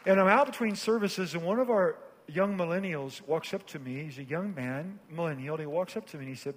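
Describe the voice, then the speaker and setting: Male pastor, high voice, sermon delivery that drops to a hush then builds to shouts; long hall reverb. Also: brisk. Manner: preaching with big swings from hushed low phrases to shouted climaxes.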